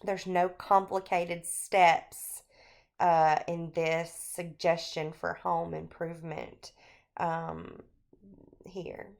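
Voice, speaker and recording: A woman teacher recording a screencast lecture on a short story, talking through it in an unhurried, explanatory way with frequent fillers. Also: on the low side, little pitch movement, creaky.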